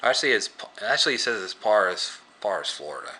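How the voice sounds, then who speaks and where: A man casually recapping a movie scene by scene, rambling and halting with many filler words. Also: fairly low pitch, very animated, sharp tone, husky. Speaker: movie reviewer.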